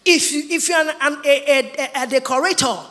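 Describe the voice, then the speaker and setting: A woman preaching with a high, bright, forceful voice. She is emphatic and animated, and she slips into mimicking others. Her words ring out with long reverb in a large hall. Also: normal speed. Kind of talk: sermon.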